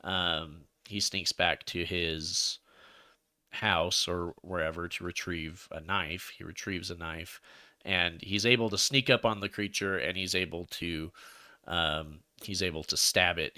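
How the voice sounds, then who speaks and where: A man's voice: sits low, steady tone, unhurried, sharp tone, dry recording. A man casually retelling a folk legend as a podcast co-host, rambling with restarts. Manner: rambling storyteller with restarts, laughs into jokes. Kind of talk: casual chat.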